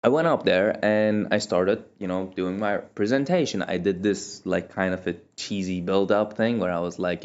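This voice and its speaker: A man's voice: sits low, normal speed, hardly any pauses, highs cut off. A young man casually telling a personal story on his vlog, rambling and self-deprecating with many asides. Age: young adult.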